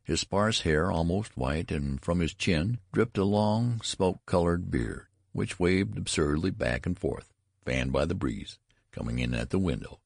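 A man narrating a literary story in an expressive, theatrical reading. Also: deep voice, measured pace, vocal fry, breathy edge, no room sound, studio quality. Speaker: audiobook narrator.

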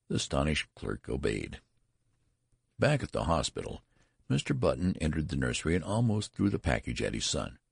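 Very deep, gravelly male storyteller. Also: big pitch swings, normal speed, no room sound, clean studio sound. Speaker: narrator. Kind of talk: storybook reading.

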